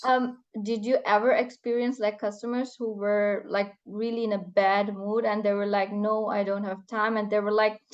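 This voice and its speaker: A woman's voice: medium pitch, level tone, normal speed, few pauses, muffled recording. A woman interviewing a guest with hesitant questions, full of "like" and "uh". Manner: hesitant, many fillers like "like". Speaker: podcast host, interviewer.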